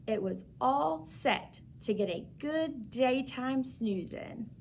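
A woman teacher reading a children's chapter book aloud with expressive, lively storytelling. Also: high voice, slow pace, vocal fry, slight background noise.

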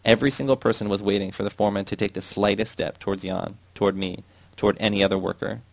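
A man reading a novel aloud in a steady, measured way. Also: lowish voice, creaky, no echo. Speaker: audiobook reader.

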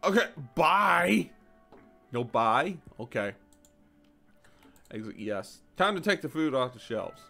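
Lively young man narrating gameplay. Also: unhurried, pauses often, soft background music. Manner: animated, jumps to high exclamations, mock-polite shopkeeper lines. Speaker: gaming YouTuber. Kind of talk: casual gameplay commentary.

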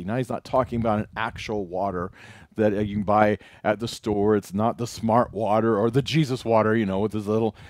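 A man's voice: lowish voice, dry recording, studio quality. A man, a pastor, preaching a casual sermon, retelling scripture in everyday words with voiced asides.

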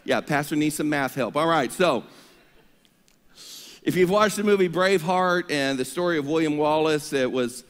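A male pastor preaching an energetic sermon, leading the congregation in call-and-response. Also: a little high, moderate pace. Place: church sanctuary. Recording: long reverb of a church hall.

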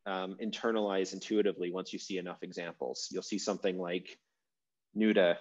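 A man teaching an online language class over a video call, talking in a relaxed, rambling way with fillers and restarts. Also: deep voice. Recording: dull lo-fi video call audio.

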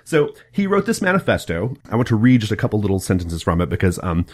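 A man hosting a casual podcast chat, gushing with excitable, profane enthusiasm. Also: on the low side, fast talker. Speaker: podcast host.

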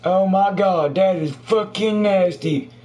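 A man's voice: high voice, takes it slowly, a little mellow. A man giving crude, jokey running commentary while he plays a horror game, cursing at everything he meets. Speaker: gamer. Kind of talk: profane let's play commentary. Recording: faint background noise.

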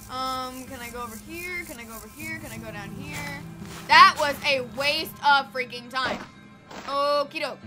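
A woman giving casual, excitable gameplay commentary, easily spooked and talking back to the game. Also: sits high, fairly quick. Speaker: let's play gamer. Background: game music.

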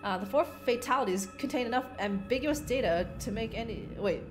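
A young woman narrates her own horror-game run in a loose, profane, joking way, breaking off to read notes aloud and mock them. Her voice sits a little high, and faint music plays underneath. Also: animated, fairly quick. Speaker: streamer playing a horror game. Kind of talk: casual gameplay commentary.

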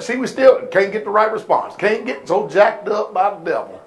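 Preacher guy w a high voice, speaks aave, yells then goes quiet, fiery sermon. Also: animated, normal speed. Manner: preaching loud with sudden shouts and drops. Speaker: pastor. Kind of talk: fiery call-and-response sermon.

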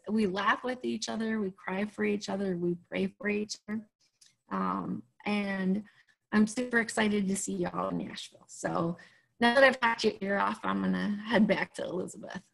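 A woman's voice: mid-range voice, gravelly. A woman in her thirties with an Upper Peninsula Michigan accent, chatting casually about her business, rambling with lots of ums and self-deprecating humor. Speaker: guest sharing her business story. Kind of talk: casual testimonial chat.

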